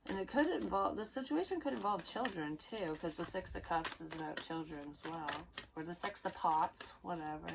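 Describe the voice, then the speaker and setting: A woman's voice: fairly low pitch, expressive, moderate pace, gravelly, few pauses, noisy background. A woman giving a casual tarot reading, rambling and blunt, swearing freely as she goes. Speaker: psychic tarot reader.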